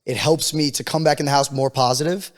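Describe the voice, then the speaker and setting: A laid-back man co-hosting a podcast, talking quickly in a middle-pitched voice. He swears freely and repeats words for emphasis, and his voice rings with a long reverb. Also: fairly even intonation. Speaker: podcast co-host. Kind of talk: casual podcast chat.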